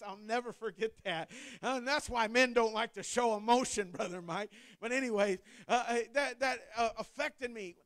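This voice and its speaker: A man in his thirties from Ohio delivers a sermon in a very high, crisp voice. He moves from loose, rambling storytelling full of restarts to fervent preaching. The sound is close and dry, with no room echo. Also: steady tone, moderate pace. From Ohio, USA. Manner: conversational storytelling with frequent restarts and fillers. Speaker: pastor.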